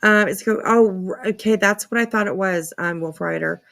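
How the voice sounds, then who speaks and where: A woman streams casually, her mid-range voice creaky yet fairly bright, at a moderate pace. She talks a lot, responds to comments apologetically, and swears in an offhand way.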